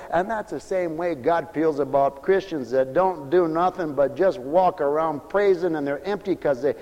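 A man preaching a sermon with great fervor, swinging from shouted exhortations to low, confiding asides. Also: normal speed, hardly any pauses, dull audio. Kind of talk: fiery sermon. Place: church hall, also broadcast on radio. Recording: long hall reverb.

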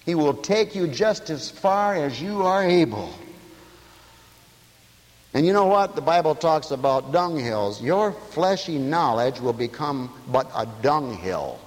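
A man preaching a radio sermon as pastor, animated, shouting out lines and laughing at his own jokes. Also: on the high side, moderate pace, long reverb tail.

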